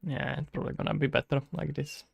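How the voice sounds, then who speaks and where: Czech-accented male game-dev streamer: casual, jokey, talks through his work, a bit of fry in the voice, dry sound. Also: a little high, steady tone, quick pace, no room sound, dull audio. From Czech Republic. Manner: chatty, joking, thinking aloud. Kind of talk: casual livestream chat.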